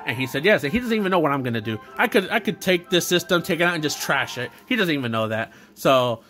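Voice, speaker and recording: A young man chatting unscripted to his camera, his bright, forward voice sitting a little high for a man. He rambles along, stumbling over restarts and fillers, and faint music plays underneath. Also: expressive, quick pace. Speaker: YouTuber doing an unboxing video. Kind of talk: unscripted casual vlog talk.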